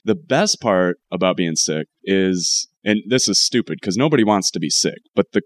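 A man's voice: sits low, animated, moderate pace. A man co-hosting a podcast in casual chat while sick, talking loosely with swearing and jokes. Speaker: podcast co-host.

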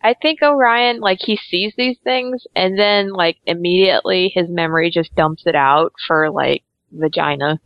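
A woman's voice: on the low side, normal speed, few pauses, no room sound, lo-fi sound. A woman co-hosting a casual comedy podcast, giggly and trailing off mid-thought. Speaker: podcast co-host.

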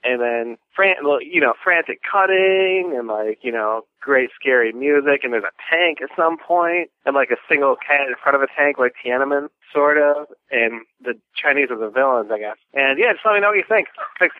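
A man's voice: mid-range voice, fairly quick, few pauses. A man leaving a meandering, hesitant voicemail full of fillers. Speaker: voicemail caller. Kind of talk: rambling voicemail pitch. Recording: tinny phone line.

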